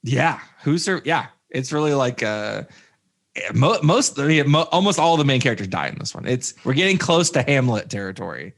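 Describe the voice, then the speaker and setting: A man's voice: mid-range voice, very animated, normal speed, gravelly, fairly bright tone. Rambling man on a movie podcast. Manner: rambling, many fillers and restarts. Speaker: podcast co-host. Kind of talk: casual movie review chat.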